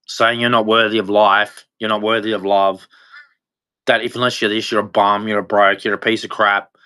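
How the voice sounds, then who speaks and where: A man speaking in an unscripted personal monologue, halting and rambling with frequent restarts, sounding weary and despondent. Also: fairly low pitch, little pitch movement, bright, forceful tone, clear, resonant tone. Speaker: livestreamer.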